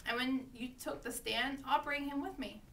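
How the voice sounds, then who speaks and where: A woman reading aloud voices an eager young boy who pleads earnestly and gently. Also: high-pitched, moderate pace, recorded from a distance, a little hiss or hum. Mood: pleading.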